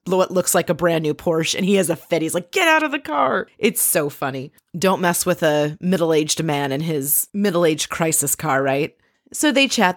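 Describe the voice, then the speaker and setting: A woman's voice: lowish voice, dry recording, clean studio sound. A woman giving a chatty, opinionated recap of a reality TV episode, telling it like a story.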